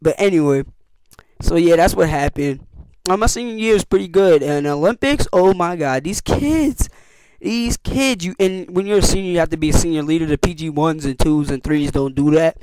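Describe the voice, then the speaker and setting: A teenage boy telling camp stories in a casual vlog, slangy and animated, acting out what people said with big jumps in his voice. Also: on the high side, moderate pace, clean tone, no room sound. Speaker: youtuber.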